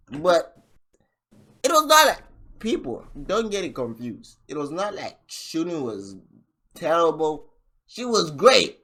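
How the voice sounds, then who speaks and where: A man hosting a casual podcast, telling a story with animated energy, switching into a raised voice whenever he quotes someone. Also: on the high side, slow, pauses often. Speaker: podcast host. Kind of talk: casual chat recapping a battle rap event.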